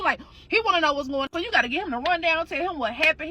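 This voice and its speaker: A woman spins a dramatic story with slang, swearing and lively energy. Her voice sits high and sounds sharp and bright. The delivery is loose and chatty. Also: racing, hardly any pauses, slight background noise. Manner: slangy, animated, profane. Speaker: storytime host. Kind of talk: casual storytelling.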